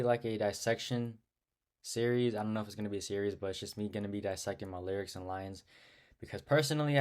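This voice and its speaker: Low-voiced young man, hesitant rambling talk. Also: darkish tone. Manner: hesitant, rambling, many fillers and restarts; self-conscious and awkward on camera. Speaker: rapper dissecting his own lyrics. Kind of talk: casual self-recorded talk to camera.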